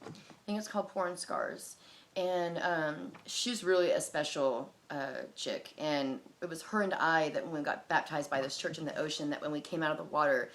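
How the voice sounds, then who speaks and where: A woman in her thirties, a personal testimony vlogger, tells her own story casually, rambling with lots of fillers, "likes" and restarts. Her voice is low and fairly bright, at a moderate pace.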